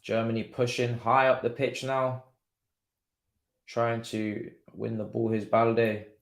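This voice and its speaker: A young man doing live football watchalong commentary, chatty and slangy, shouting at the players. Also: mid-range voice, level tone, slow, gravelly. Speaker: watchalong streamer.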